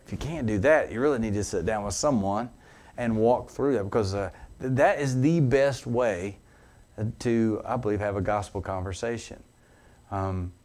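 A man preaching as a pastor. He tells an anecdote with animated energy, then turns low and earnest for the teaching. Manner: animated storyteller who laughs along with his own anecdote. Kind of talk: sermon storytelling.

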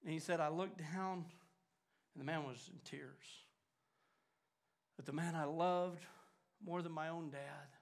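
An older man preaching a sermon, swinging from loud urgent emphasis to hushed, near-whispered lines. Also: fairly high pitch, steady tone, unhurried, gravelly, long pauses.

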